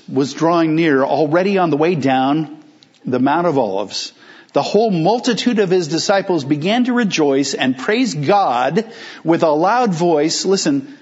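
A man preaching a conversational sermon as pastor, acting out listeners' reactions in quick asides. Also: mid-range voice, slightly rough, lo-fi sound.

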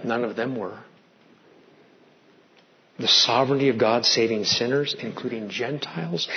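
A man preaching a sermon as pastor, animated and swinging between loud and hushed, sometimes asking the congregation questions. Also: medium pitch, unhurried, pauses often, dull audio.

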